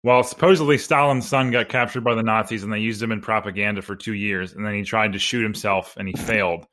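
A man's voice: on the low side, steady tone, quick pace, fairly bright tone. A man co-hosting a casual history podcast, telling the story with rambling asides and jokes. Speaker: podcast co-host.

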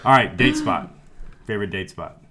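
Lively low-voiced man steering a podcast. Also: moderate pace, noisy background. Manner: breezy, steers the segments along. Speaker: podcast co-host. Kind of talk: casual podcast chat.

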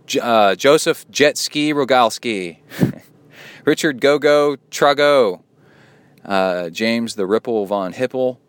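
A male podcast host with a fairly low, soothing voice, chatting loosely and playfully. He reads emails aloud and breaks in with quick joking asides. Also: a bit bright, clear, resonant tone. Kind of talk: casual podcast chat, reading listener emails.

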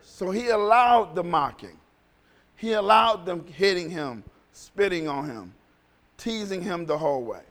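A man's voice: sits high, expressive, a little slow, a bit bright, big-room sound. A male pastor preaching a sermon in a conversational, storytelling way, often repeating phrases.

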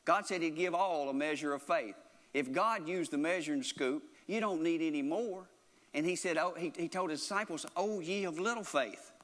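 A man's voice: a little high, normal speed, a bit bright, big-room sound. A man preaching a sermon in an earnest, repetitive way, often restarting his phrases.

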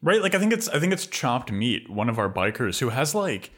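A man's voice: mid-range voice, sing-song, fairly quick, fairly bright tone, slightly rough. A man co-hosting a podcast, talking movies in a rambling way, full of filler words. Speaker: podcast co-host. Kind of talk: casual film discussion.

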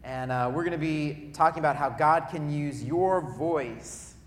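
A man preaching a sermon to a congregation in a church auditorium, telling lively stories and turning to the crowd with asides. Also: a little high, unhurried, a little hiss or hum. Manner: lively storytelling with audience asides, loud bursts when acting out cheering. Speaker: pastor. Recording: echoey hall.

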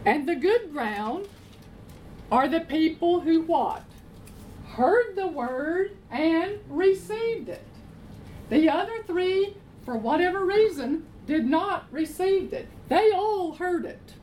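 A woman's voice: extremely high pitch, expressive, slow, a little mellow, a little hiss or hum, low-quality recording. A woman preaching a sermon, emphatic, repeating her phrases and answering her own questions.

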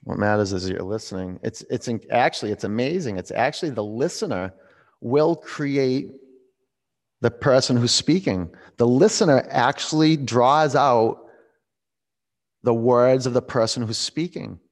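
A man in his forties leading a yoga class, calm and reflective as he tells a personal story between pose cues. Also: mid-range voice, unhurried. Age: 40s. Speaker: yoga instructor.

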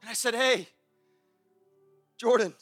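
A young man preaching a sermon at a church service, passionate, moving between shouted praise and quiet, personal confession. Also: extremely high pitch, takes it slowly, dry recording, faint music behind. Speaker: pastor.

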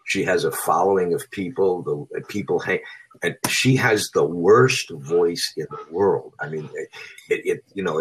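A middle-aged radio talk show host with a very low, deep voice rambles on encouragingly, filling gaps with ums and restarts. His tone is heavily husky and breathy, with a rough grain throughout. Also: fairly bright tone, rough recording. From California. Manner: encouraging, rambling, many fillers. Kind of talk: casual chat.

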